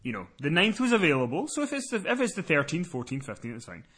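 A young man tells a rambling story on a podcast. He is animated and profane, and his pitch rises and falls widely. His voice is slightly high and bright. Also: quick pace, husky. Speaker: podcast host. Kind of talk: casual storytelling chat.

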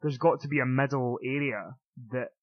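A man co-hosting a casual wrestling chat, chatty and quick to laugh, often stumbling over his words. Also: medium pitch, fairly even intonation, no room sound. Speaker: wrestling podcast co-host. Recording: dull lo-fi dry sound.

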